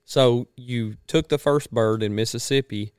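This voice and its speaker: A man with a smooth, resonant voice hosts the interview, prompting his guest with relaxed questions. The sound is close and dry. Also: medium pitch, measured pace, no echo. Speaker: podcast host.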